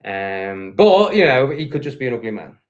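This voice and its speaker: A man with an English accent rants furiously and profanely on a livestream, hammering the same points repeatedly. His medium-pitched voice swings widely in pitch at a moderate pace, and the recording is muffled.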